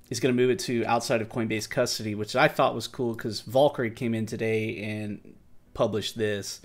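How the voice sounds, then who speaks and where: A man's voice: mid-range voice, a little mellow. A tired man hosting a casual livestream market review, talking loosely with slang and restarting his sentences. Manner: rambling, loose, self-correcting, slangy. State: tired and yawning. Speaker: crypto market stream host.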